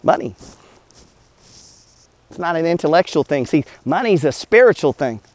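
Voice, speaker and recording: A man delivers a motivational talk about money in a blunt, preachy way, swearing freely and firing rhetorical questions at the listener. His voice sits somewhat high for a man, and the sound is dry with no room echo. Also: sing-song, moderate pace. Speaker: host.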